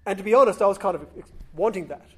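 A man with a fairly high voice preaching in a relaxed, conversational way. He tells a scripture story and slips into the voices of its people as he goes. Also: very fast, husky. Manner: acts out quoted voices, conversational. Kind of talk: sermon storytelling.

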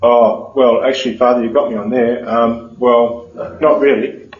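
A man's voice: level tone, normal speed, lightly acted. A man doing a mumbling, sheepish young man. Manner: mumbling, hesitant, lower voice. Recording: dull, echoey room.

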